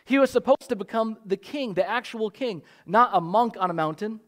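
A man's voice: sits high, moderate pace, a bit bright. A middle-aged man preaching a sermon, telling stories and acting out the voices of the people he quotes. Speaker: pastor.

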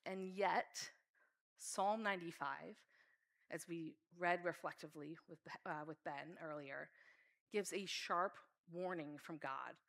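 A woman's voice: fairly low pitch, takes it slowly, gravelly, a bit bright. Woman preaching a heartfelt sermon. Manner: earnest, reads scripture aloud with feeling.

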